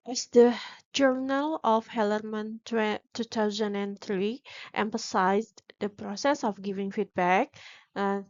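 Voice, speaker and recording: A young woman with an Indonesian accent giving an academic class presentation as a graduate student, halting with frequent restarts and fillers. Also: mid-range voice, darkish tone, no room sound, lo-fi sound.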